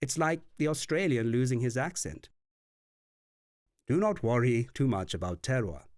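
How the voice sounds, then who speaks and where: Lively male narrator teaching wine. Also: medium pitch, moderate pace, no room sound. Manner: lively, expressive delivery with playful put-on accents. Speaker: wine course instructor. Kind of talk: scripted educational narration. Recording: dry voice-over with faint music.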